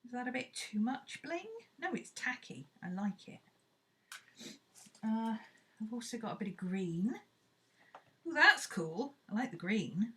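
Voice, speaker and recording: A woman's voice: fairly high pitch, very animated, unhurried, pauses often, sharp tone. A woman chatting casually and playfully, thinking aloud as she works on a craft project. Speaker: craft vlogger.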